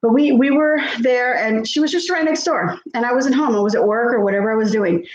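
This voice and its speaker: Chatty high-voiced woman cooking. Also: brisk, echoey room, dull audio. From South Texas. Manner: chatty, laughs often, reads viewer comments aloud. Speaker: vlogger. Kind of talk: casual chat while cooking. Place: home kitchen.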